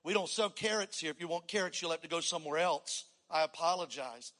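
Brief: exasperated male shopkeeper in a storytold joke, voiced by a preacher, high bright tone. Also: brisk. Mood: patient. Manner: explains plainly, grows firm and threatening. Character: patient then exasperated male paint store owner. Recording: long hall reverb.

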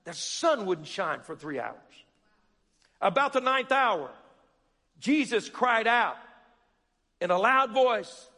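A man preaching a sermon, calling out to the congregation and rising to shouts. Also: very high voice, lively intonation, slow pace, long reverb tail.

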